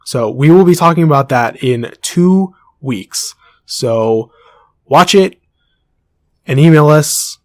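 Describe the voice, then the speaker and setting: A man's voice: a little high, animated, takes it slowly, dry recording, studio quality. A young man co-hosting a casual podcast, teasing his co-host and steering the segments. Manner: playful, teasing, runs the segment.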